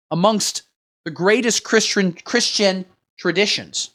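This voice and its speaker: A man hosting a satirical livestream, riffing crudely in a rambling, deadpan way while he reads the chat. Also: sits high, takes it slowly. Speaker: livestream host. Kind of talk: satirical livestream comedy rant.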